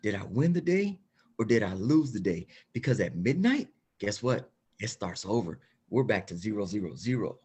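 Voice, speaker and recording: A man giving an energetic, emphatic motivational talk as a guest, repeating phrases for effect. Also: fairly low pitch, normal speed, husky. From Mexican heritage.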